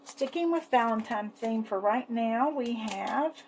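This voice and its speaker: A woman chatting casually as she shows off her savings challenges, fond and unhurried, with lots of little fillers. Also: a little high, darkish tone, a little hiss or hum, poor audio. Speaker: savings challenge seller and vlogger. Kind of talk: casual product show-and-tell.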